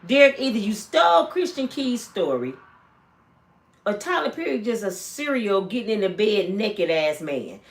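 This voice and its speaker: Animated chatty woman gossip vlogger. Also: moderate pace. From Michigan, USA. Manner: animated, chatty, acts out quotes in high voices. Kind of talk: casual storytelling commentary.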